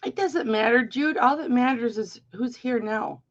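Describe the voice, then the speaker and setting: A woman's voice: on the high side, moderate pace, muffled recording. A middle-aged woman hosting a live-stream jewelry auction, chatting casually and rambling playfully through stories.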